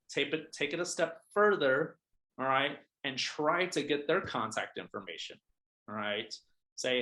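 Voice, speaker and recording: Man, working realtor, brightly forceful voice. Casual coaching talk to other agents, fillers and frequent "all right?" check-ins. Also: mid-range voice, animated, measured pace, rough recording.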